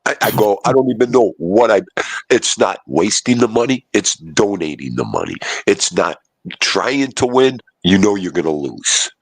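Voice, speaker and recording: A man chatting casually on a phone call, telling animated stories and cursing often. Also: on the low side, normal speed, dry recording. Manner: gruff, animated storytelling with cursing. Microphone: phone line.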